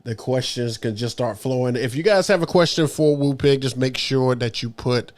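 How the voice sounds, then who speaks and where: A man's voice: medium pitch, normal speed. Upbeat man hosting a livestream. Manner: upbeat, reads out chat names. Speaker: podcast host. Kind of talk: casual livestream chat.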